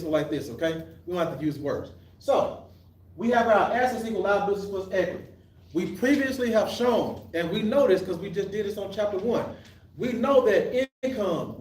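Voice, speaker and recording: High-pitched male teacher in an echoey room. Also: darkish tone. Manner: asks the class questions and answers them himself, restarts often. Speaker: accounting teacher. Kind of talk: live classroom lecture. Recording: echoey room, mic at a distance.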